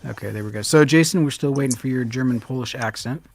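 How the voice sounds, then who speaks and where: A man's voice: medium pitch, quick pace. A man hosting a casual live stream, chatting loosely and reading viewer comments aloud. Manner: loose and chatty, drops in mild swearing.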